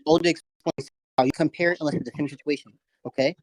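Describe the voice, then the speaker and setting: A man's voice: fairly high pitch, steady tone, quick pace, no echo. Insistent young man with a dry voice. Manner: insistent, mumbling at times. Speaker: debater. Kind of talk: casual online voice-chat debate.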